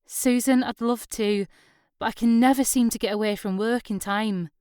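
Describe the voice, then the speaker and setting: A woman reading a bright young island woman with a sing-song lilt, eager and friendly. The voice sits a little high and rings smooth and clear. It is close and dry, with no room sound. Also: steady tone, moderate pace, no room sound, lightly acted.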